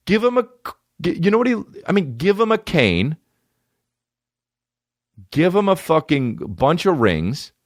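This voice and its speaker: Riffing with plenty of profanity and dropping into mocking voices, a podcast host in his thirties runs his comedy show. His voice sits a little high, and the sound is dry and clean, studio-grade.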